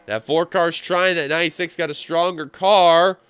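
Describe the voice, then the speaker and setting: A man giving play-by-play commentary on a simulated stock car race, getting excitable as the finish nears. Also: a little high, normal speed, smooth, dry recording. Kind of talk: play-by-play sim racing commentary.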